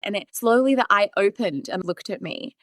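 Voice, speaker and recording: A woman in her thirties, a podcast guest telling her story in a casual, animated way, laughing often and acting out what she once said. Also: mid-range voice, moderate pace, dry recording, studio quality.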